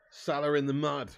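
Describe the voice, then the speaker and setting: A young male host commentates a live football watch-along and reads viewers' chat aloud. His fairly high voice is clear and resonant, with some vocal fry. He's sweary and full of banter, shifting from glum muttering to shouting and laughter.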